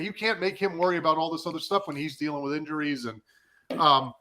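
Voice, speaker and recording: Man, 30s, sports podcast co-host, very bright tense voice, higher pitch, fired up. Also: quick pace. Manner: animated, fired up. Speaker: podcast co-host, former defensive lineman. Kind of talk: casual sports chat.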